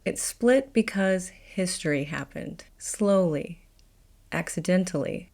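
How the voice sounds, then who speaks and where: A woman's voice: fairly low pitch, a little mellow. Wry Appalachian woman host. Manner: wry, confident storytelling. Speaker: video host. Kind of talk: scripted educational narration.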